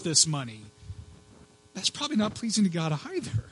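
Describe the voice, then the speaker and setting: A man's voice: a little high, very animated, normal speed, pushed and bright, slightly rough, low-quality recording. A male pastor giving a sermon in a conversational way, with frequent fillers and repeated words.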